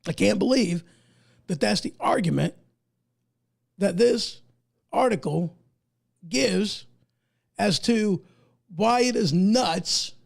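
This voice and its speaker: An American podcast host who's losing his voice speaks high, animated and very slowly, with a gravelly sound and frequent pauses. He delivers emphatic, indignant opinion commentary and reads articles aloud in a folksy manner.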